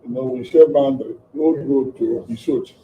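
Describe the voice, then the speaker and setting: Halting man, distant muffled recording. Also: medium pitch. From southeastern Nigeria. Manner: halting, many fillers and restarts, quotes dialogue. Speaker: witness recounting a kidnapping. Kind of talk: spoken testimony. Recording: dull distant recording with faint background noise.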